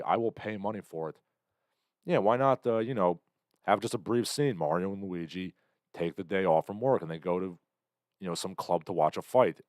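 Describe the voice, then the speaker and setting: Sardonic male streamer, low pitch, dry close sound, rambling chat-reading host. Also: dry recording. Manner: rambling, sardonic, bursts into loud impressions. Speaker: livestream host. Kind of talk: casual commentary reading chat comments.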